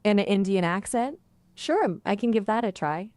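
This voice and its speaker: A woman's voice: medium pitch, expressive, normal speed, a little mellow, no room sound. Female AI chatbot voice, easygoing and polite, dry close sound. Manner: friendly, playful, polite, fond of small disclaimers. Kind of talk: conversational AI companion.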